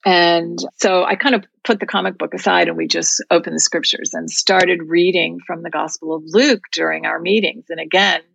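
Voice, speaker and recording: A woman's voice: lowish voice, steady tone, moderate pace, gravelly, few pauses, a bit bright, husky, dry recording, low-quality recording. A woman guest telling a personal faith story in an earnest, heartfelt, reflective way. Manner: heartfelt, reflective, speaks of prayer and scripture.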